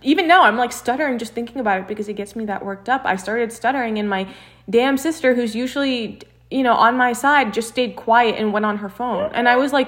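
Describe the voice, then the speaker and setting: A woman's voice: fairly high pitch, brisk. A young woman telling a personal story in casual chat, acting out what others said. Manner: animated storyteller, acts out quotes.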